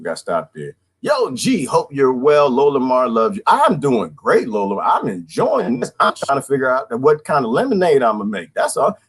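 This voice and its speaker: A man in his twenties rants casually to his livestream viewers, talking in slang and laughing often. His pitch swings widely and lively from line to line, sitting at a middle register. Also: husky. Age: 20s. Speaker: vlogger.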